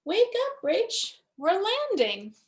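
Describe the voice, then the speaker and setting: Woman reading as a gentle comforting dad. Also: very high voice, wildly swooping pitch, takes it slowly, pitched above the performer's own voice, heavily acted. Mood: rousing. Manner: soft, comforting. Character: calm, soothing young father.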